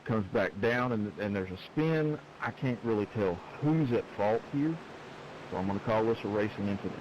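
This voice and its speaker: Man, race steward, deliberate rulings, dull muffled audio, background noise. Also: on the low side, expressive, darkish tone. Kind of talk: measured incident ruling.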